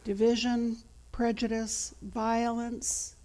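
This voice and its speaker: A woman priest preaching a sermon in a measured way, her phrase ends often trailing off into a soft whisper. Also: on the high side, flat delivery.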